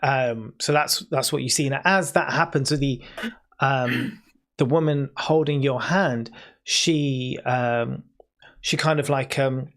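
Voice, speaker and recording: British GM narrating a tabletop campaign, halting and descriptive, with a mid-pitched voice. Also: fairly even intonation, a bit bright. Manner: hesitant, many ums, descriptive. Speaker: game master.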